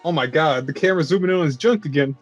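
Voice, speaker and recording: Sarcastic, profane man with a higher voice. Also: very fast, lo-fi sound, soft background music. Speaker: podcast co-host. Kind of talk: casual movie review banter over beers.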